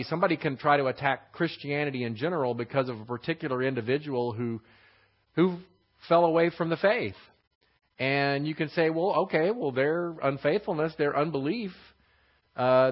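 Bible teacher man, dull lo-fi sound. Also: mid-range voice. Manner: explanatory, rephrasing verses, frequent fillers and restarts. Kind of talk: verse-by-verse Bible lesson. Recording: slightly dull lo-fi recording.

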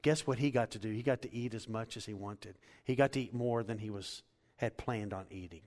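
A man's voice: on the low side, a little fast. Preaching man in a reverberant hall. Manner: animated storytelling, rising to loud emphatic preaching. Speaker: pastor. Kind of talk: sermon.

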